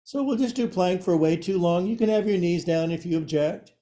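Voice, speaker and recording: A man's voice: high-pitched, brisk, dark tone. A man teaching a yoga class and guiding poses with a playful, joking manner.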